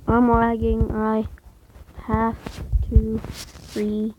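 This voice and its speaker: Brief: woman gaming YouTuber, playful, goofy, slow-talking, a bit high-pitched. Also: completely flat delivery, phone-quality sound, slight background noise. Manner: playful and goofy, prone to outbursts and silly singing. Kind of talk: casual gameplay commentary.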